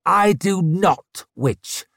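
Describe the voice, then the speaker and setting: A man's voice: high voice, expressive, extremely slow, creaky, fairly bright tone, no echo, studio quality, pitched above the performer's own voice, exaggerated voice. A man voicing a savage hulking male warrior chieftain who snarls his threats. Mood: menacing. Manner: snarling, menacing.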